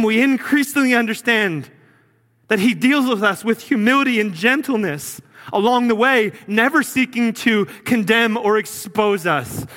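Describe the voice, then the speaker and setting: A man preaching a sermon as pastor, earnest, sometimes dropping low and quiet for emphasis. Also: in a large hall.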